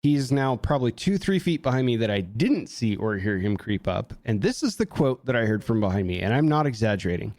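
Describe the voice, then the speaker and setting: A man on a podcast telling a story in casual chat, animated, swearing a lot and acting out what people said. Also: mid-range voice, fairly quick, few pauses, dry recording. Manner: animated, heavy swearing, acts out quotes. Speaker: podcast co-host.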